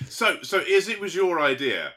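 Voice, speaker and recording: A man's voice: high-pitched, sharp tone. A man co-hosting a podcast, rambling and self-deprecating in casual chat, laughing at his own fumbles. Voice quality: smooth. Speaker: podcast co-host.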